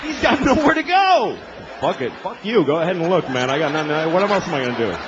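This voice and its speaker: A man's voice: on the high side, sing-song, fast talker, crowd noise. A man in his thirties performing a stand-up routine, profane and self-mocking, slipping into muttered voices of himself. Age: 30s. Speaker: stand-up comedian. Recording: dull lo-fi sound with audible background noise.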